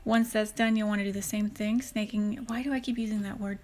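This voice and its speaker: A woman's voice: mid-range voice, steady tone, fast, few pauses. A woman vlogging as she sews a costume, explaining each step in a chatty, self-mocking way and often dropping into half-whispered asides. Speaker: sewing vlogger. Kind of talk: casual sewing vlog with instructions.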